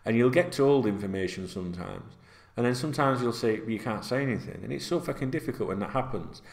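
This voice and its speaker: A man's voice: medium pitch, animated, fast talker, creaky. Sweary middle-aged man. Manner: chatty, sweary, with many fillers. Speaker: football vlogger. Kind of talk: casual rambling monologue. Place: indoors at home, seated. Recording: roomy echo.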